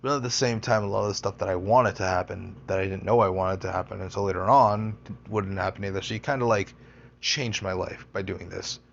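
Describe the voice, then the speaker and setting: A young man with a low, gravelly voice rambles through his life stories, swearing often and doubling back on himself. The recording is dull and lo-fi, like a cheap home setup. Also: steady tone, a little fast, slight background noise. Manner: rambling, profane, self-interrupting. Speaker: storyteller, podcaster. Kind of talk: casual personal storytelling.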